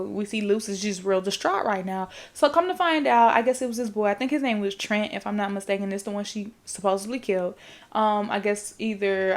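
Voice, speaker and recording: Woman podcast host, loose profane recap storyteller, rambling, talks right to her listeners. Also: mid-range voice. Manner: rambling and profane, with repeated fillers; talks straight to the audience. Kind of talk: casual movie recap storytelling.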